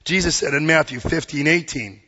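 Husky-voiced man preaching in a hall. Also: on the high side, a little fast, sharp tone, lo-fi sound. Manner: earnest, plain-spoken, quotes scripture, acts out voices. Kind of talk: sermon.

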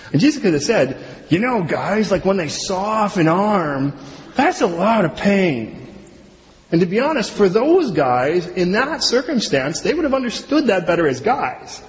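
A middle-aged man preaching a sermon, telling the story with humor and acting out the people he quotes. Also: sits high. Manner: animated, jokey storytelling with quick voiced asides. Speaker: pastor. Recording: long hall reverb, faint room noise.

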